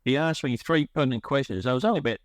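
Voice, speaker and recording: A man's voice: mid-range voice, very fast, dry recording. A middle-aged man telling his recovery story in a rambling, emotional way, often restarting his sentences. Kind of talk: personal storytelling.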